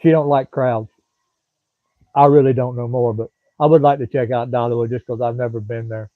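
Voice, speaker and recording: A man's voice: medium pitch, steady tone, moderate pace, no room sound. Folksy Southern man chatting on a tinny line. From Florida. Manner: rambling, folksy, drawling, chats to commenters by name. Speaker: livestream host. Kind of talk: casual live-stream chat with viewers. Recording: dry, thin phone-like sound.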